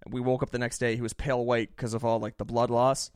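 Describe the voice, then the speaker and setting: A young man casually telling a story in animated fashion, swearing freely, laughing often and mimicking other people. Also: medium pitch, fast talker, clean tone, no room sound, clean studio sound.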